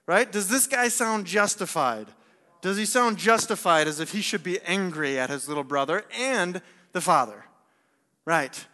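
A young man giving an energetic sermon, firing rhetorical questions and repeating words as he presses a point. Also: high-pitched, normal speed. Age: young adult. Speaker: speaker at young adults service. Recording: long hall reverb.

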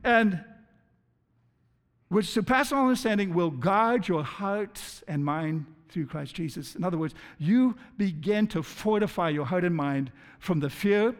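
A man's voice: high voice, a little slow, big-room sound. A man preaching a sermon as pastor, earnest, often stumbling over and repeating his words. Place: church.

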